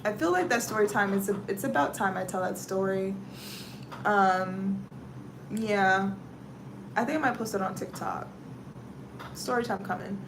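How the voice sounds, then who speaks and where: An animated storyteller, this Southern US woman hosts a casual livestream chat, exclaiming dramatically and reading out viewer comments. Her mid-range voice is measured, with long pauses, and there's background noise.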